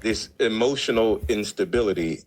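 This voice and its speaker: A man's voice: lowish voice, normal speed, a little hiss or hum. A man hosting a podcast, talking straight to his listeners in a preachy way. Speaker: podcast host in a clip. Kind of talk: podcast commentary.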